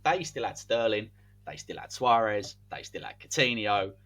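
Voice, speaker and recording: A man co-hosting a podcast, telling a made-up sports story in animated, commentary-like casual chat. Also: lowish voice, moderate pace. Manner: animated, spins a hypothetical tale like match commentary. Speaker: podcast co-host.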